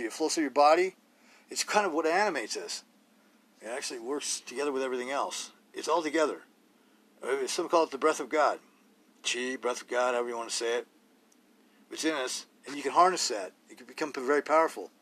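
A man's voice: mid-range voice, quick pace, a bit bright, husky. A man hosting a solo podcast, talking bluntly and rawly in a rambling way, full of rhetorical questions. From Idaho, US. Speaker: podcast host.

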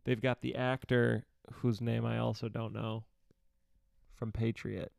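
A man's voice: medium pitch, flat delivery, measured pace, gravelly, darkish tone, clear, resonant tone, dry recording, clean studio sound. A young man co-hosting a podcast, chatting casually and rambling about a TV show, swearing and teasing now and then. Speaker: podcast co-host. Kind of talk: casual chat reviewing a TV show.

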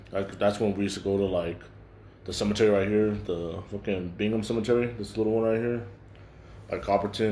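A man's voice: lowish voice, a little mellow, slight background noise. A young man hosting a casual chat, telling stories in a slangy, profane way full of fillers. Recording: echoey room.

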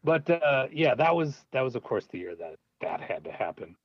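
Lively man telling a funny story. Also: mid-range voice, moderate pace, slightly rough, no echo. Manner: animated, laughing, acts out voices in his stories. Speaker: guest, low-budget filmmaker. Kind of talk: casual anecdotal storytelling. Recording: dull, dry lo-fi audio.

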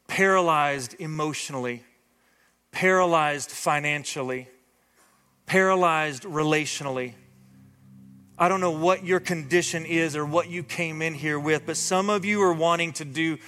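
A man's voice: on the high side, a little slow, bright, forceful tone, soft background music. A man preaching a sermon as pastor, impassioned and building to urgent, emphatic appeals to his congregation. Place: church sanctuary. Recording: long hall reverb from church sanctuary.

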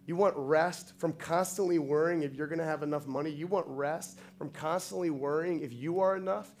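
A man's voice: a little high, moderate pace, a little mellow, slight background noise. A man preaching a sermon with passion, building to emphatic, repeated lines. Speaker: pastor.

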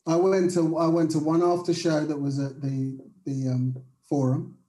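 A man's voice: a little high, little pitch movement, normal speed, dark tone. Enthusiastic man in a roomy space. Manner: enthusiastic, affirming, chatty. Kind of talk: casual chat.

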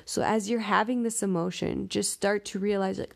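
A woman's voice: medium pitch, fairly even intonation, normal speed, gravelly. A woman giving a reflective spiritual talk, earnest and direct with the listener, building her points by repetition. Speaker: spiritual speaker.

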